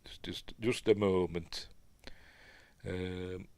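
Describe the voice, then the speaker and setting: A man's voice: low voice, fairly even intonation, extremely slow, dry recording. Yorkshire man, film review host, live commentary, chatty with muttered asides, dry close sound. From Yorkshire, England. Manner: chatty, muttering asides under his breath.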